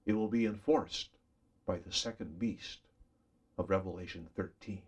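A man's voice: deep voice, normal speed, darkish tone. A man preaching a Bible study sermon in an earnest, emphatic way, often addressing the listener directly as a friend.

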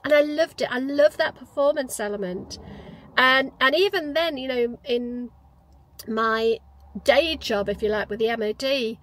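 A woman in her fifties talks to camera about her past. Her voice sits a little high, and her manner is reflective and chatty, with false starts and fillers as she gathers her thoughts. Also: measured pace, a little hiss or hum, low-quality recording. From Newcastle, England. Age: 50s. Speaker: vlogger. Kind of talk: casual personal storytelling.

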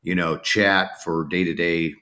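A podcast co-host chats casually about recruiting in a low, steady voice with a sharp edge, speaking a little slowly. He thinks aloud, reflective, often breaking off to restart a sentence midway.

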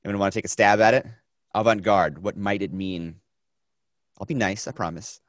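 A man teaching a film class, lecturing in a chatty, energetic way, with many fillers and repeated phrases. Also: lowish voice, moderate pace, dry recording.

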